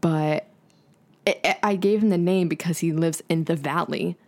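Young woman co-host, from the Southern US, low and relaxed, chatty with lots of "like". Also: normal speed. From Southern United States. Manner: relaxed, lowered speaking voice, lots of "like". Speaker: podcast co-host. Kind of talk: casual chat.

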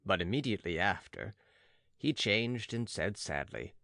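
Deep-voiced male audiobook narrator. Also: big pitch swings, moderate pace, creaky, a bit bright, dry recording, studio quality. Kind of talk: scripted narration.

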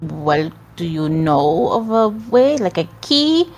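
A woman's voice: on the low side, very animated, takes it slowly, a little mellow, soft background music. A woman playing her character in a tabletop game, blunt and wry as she bargains. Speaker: player.

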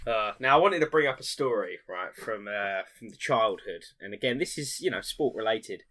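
A man's voice: lowish voice, expressive, normal speed, a bit bright. A man, co-hosting a casual podcast and telling a childhood story with lots of laughter. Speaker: podcast co-host.

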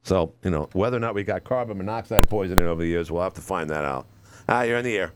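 A man's voice: deep voice, fast, background noise. A middle-aged man hosting a call-in radio talk show, rambling through stories and acting out quotes. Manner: rambling storyteller, acts out quotes.

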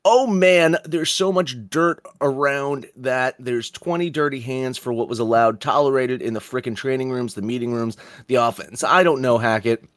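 A man's voice: medium pitch, moderate pace, hardly any pauses, fairly bright tone, no echo, studio quality. A man hosting a sports podcast in casual, profane chat, rambling and reading quotes aloud. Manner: rambling, swears often, reads quotes aloud. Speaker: podcast host.

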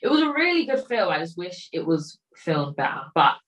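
A woman's voice: fairly low pitch, big pitch swings, fairly quick, a crowd in the background, low-quality recording. A woman, casually retelling a film plot in a rambling way, acting out the lines of the people in it. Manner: rambling retelling with quoted voices and filler. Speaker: storyteller recapping a film. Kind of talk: casual chat.

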